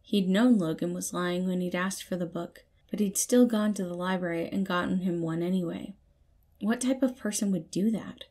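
A woman's voice: mid-range voice, dark tone. Woman reading fan fiction aloud. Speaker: podfic reader.

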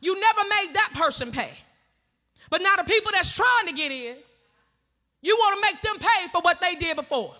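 A woman's voice: very high voice, animated, moderate pace, bright, forceful tone. A woman pastor, preaching an impassioned sermon in a church and calling out to the congregation. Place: church sanctuary.

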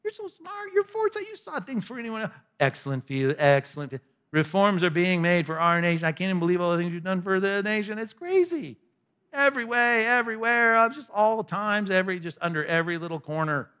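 A man's voice: medium pitch, a little slow, pauses often, pitched below the performer's own voice. A man putting on a gushing, fawning old-world orator. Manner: flattering, gushing, sarcastic. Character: fawning smooth-talking ancient male court orator.

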